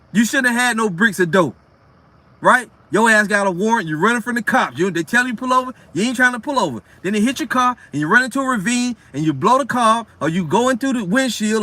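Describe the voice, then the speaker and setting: High, bright-voiced blunt street preacher. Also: male voice. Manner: reads verses aloud slowly between rants. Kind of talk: casual scripture teaching.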